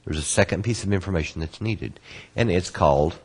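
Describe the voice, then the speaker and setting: Man, very low voice, husky, patient lesson delivery, repeats key terms slowly. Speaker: Kabbalah course instructor. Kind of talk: online lesson answering student questions.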